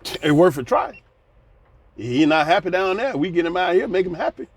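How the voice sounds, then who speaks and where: A man in his sixties voicing a polite, businesslike male university executive making a measured offer. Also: high voice, lively intonation, slightly rough, no room sound, voice pushed up. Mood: polite pitch.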